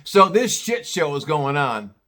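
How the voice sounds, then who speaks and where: A man's voice: on the high side, big pitch swings, a little slow, bright, forceful tone. A man telling an exasperated, profane story as a vlogger, with sarcastic asides.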